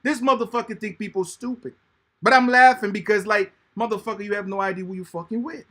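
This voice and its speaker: A man co-hosting a talk show, ranting in animated, profane, mocking commentary. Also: sits high, fast talker, a little hiss or hum. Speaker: co-host.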